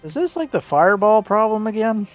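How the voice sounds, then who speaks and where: A man's voice: high-pitched, very animated, fairly quick, lo-fi sound, soft background music. A man playing a tabletop game and cracking wry jokes to the group. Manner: wry, joking. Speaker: player. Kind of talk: joking casual chat.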